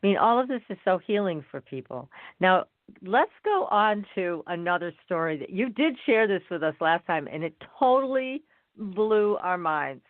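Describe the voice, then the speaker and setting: A woman's voice: lowish voice, expressive, moderate pace, no room sound. A woman hosting a radio show, interviewing a guest with enthusiastic reactions. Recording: dry, tinny phone-like sound.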